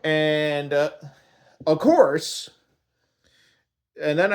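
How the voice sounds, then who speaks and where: A man rambling through a comic first-person monologue, deadpan and full of swearing. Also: medium pitch, slow pace.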